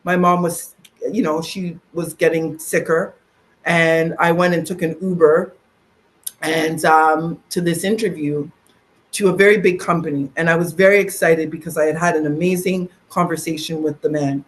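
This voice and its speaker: A middle-aged woman from Canada speaks as a podcast guest. She tells her story in an animated, conversational way. She often slips into the voices of the people she quotes. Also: low voice, normal speed.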